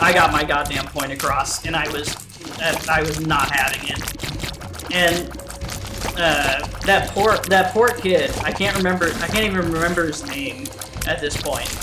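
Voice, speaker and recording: Rambling, profane young man in a roomy space. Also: a little high. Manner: rambling, profane, frequent restarts and fillers. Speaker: let's play host. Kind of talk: casual storytelling over gameplay. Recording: roomy sound with game music behind. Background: game music.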